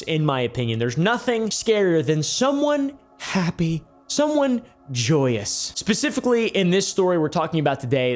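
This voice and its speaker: Lively comedic male storyteller. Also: on the high side. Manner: dramatic narration broken by jokey, swearing asides. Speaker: YouTube storyteller.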